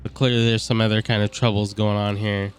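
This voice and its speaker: A man's voice: fairly low pitch, level tone, a little fast, faint music behind. A man giving casual, joking let's-play commentary over a game, full of slang and mocking asides. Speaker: gameplay commentator.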